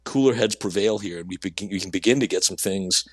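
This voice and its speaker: Brief: male CEO guest, low husky voice, earnest and halting, close dry mic. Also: no echo. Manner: earnest, halting, many restarts. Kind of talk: conversational interview answers.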